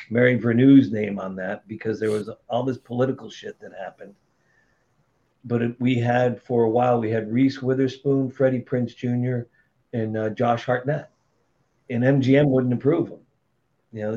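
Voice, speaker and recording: A middle-aged man telling blunt, profane stories about his career as a podcast guest. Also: medium pitch. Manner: blunt, profane, animated storytelling. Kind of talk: casual storytelling. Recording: dull lo-fi sound.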